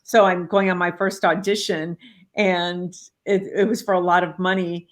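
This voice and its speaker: A middle-aged woman, a life coach and author, telling stories as an interview guest, often acting out quoted voices and saying "you know" a lot. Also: normal speed. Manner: animated, acts out quoted voices with big pitch jumps; many fillers like "you know". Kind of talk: casual interview storytelling.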